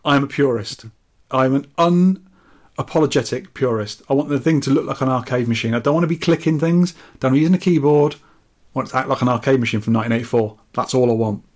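A man's voice: mid-range voice, fast. A man co-hosting a casual retro gaming podcast, reading out listener messages in a jokey, rambling way. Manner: jokey, rambling, self-deprecating. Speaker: podcast co-host.

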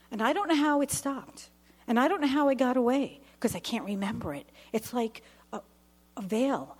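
A middle-aged woman giving an earnest personal testimony at a dinner event, slowing down and dropping to a whisper at intense moments. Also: on the high side, animated.

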